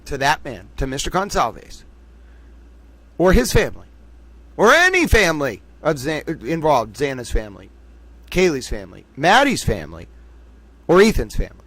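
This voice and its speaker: A male livestream host talks with fervent conviction, hammering points through repetition and pointed rhetorical questions. His voice sits slightly above the usual male pitch, and his commentary swings between forceful appeals and quieter asides. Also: wildly swooping pitch, moderate pace, long pauses, no echo.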